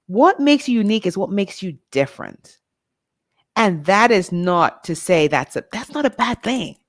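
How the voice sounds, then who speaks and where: This middle-aged woman from Nigeria, a vlog host, is very animated in her mid-range voice, speaking at normal speed. She delivers a candid, reflective monologue addressed right to her listeners, recorded with clean studio sound and no echo.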